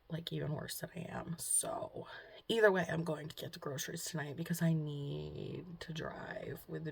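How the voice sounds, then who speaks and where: A young woman vlogging at home, talking softly and hesitantly with many pauses, emotional and close to tears. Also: deep voice, creaky, husky. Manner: soft, hesitant, full of ums and trailing off. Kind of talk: casual confessional vlog talk. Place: at home, indoors.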